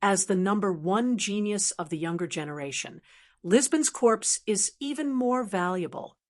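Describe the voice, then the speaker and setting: A woman narrator voicing a calm, proud, wealthy male necromancer knight in an audiobook who explains things patiently. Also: mid-range voice, moderate pace, close to an everyday voice.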